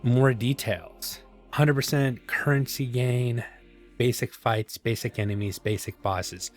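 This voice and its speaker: At his home gaming setup, a gaming channel host gives casual let's-play commentary, thinking aloud, chuckling and poking fun at himself. His mid-range voice moves slowly, with faint music behind.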